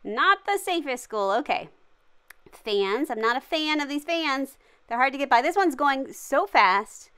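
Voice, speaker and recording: A woman's voice: high voice, expressive, measured pace, pushed and bright. A woman hosting a gaming channel, giving cheery, jokey and dramatic running commentary as she plays. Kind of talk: playful game commentary.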